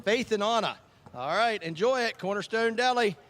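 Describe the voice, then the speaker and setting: An animated man with a high, fairly bright voice talks at normal speed. He's the track chaplain at an outdoor speedway, friendly and joking with children on the PA, echoing their names while distributing ice cream vouchers.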